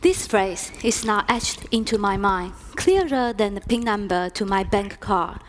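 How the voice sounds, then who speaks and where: A woman's voice: mid-range voice, animated, unhurried. A woman in her thirties telling a reflective story in a stage talk. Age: 30s.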